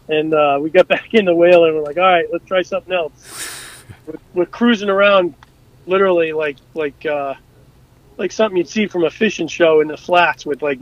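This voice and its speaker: A man casually telling stories from his time on rescue boats, animated and full of fillers and restarts, acting out what people said. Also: on the high side, no room sound, lo-fi sound. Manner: animated, acts out quotes, many fillers and restarts. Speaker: guest, former rescue boat crewman. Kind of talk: casual storytelling.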